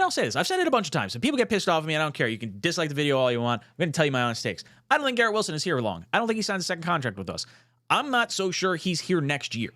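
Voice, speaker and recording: Young man, show host, excitable, swears, slightly high voice, very lively pitch, dry close sound. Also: no echo. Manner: excitable, swearing, rising to near shouts when fired up. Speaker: podcast host. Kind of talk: casual fan talk show, reading chat comments.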